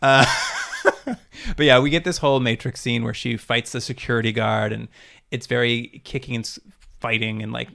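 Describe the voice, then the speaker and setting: Gravelly-voiced man recapping a show. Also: mid-range voice, steady tone, normal speed, sharp tone. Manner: laughs often while retelling scenes. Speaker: podcast co-host. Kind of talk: casual chat recapping a TV episode.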